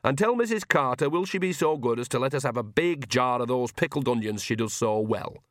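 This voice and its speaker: A man voicing a cheerful, bossy old witch woman in an audiobook, with a slow, drawn-out folksy delivery. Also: medium pitch, animated, dry recording, studio quality, natural voice. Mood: commanding.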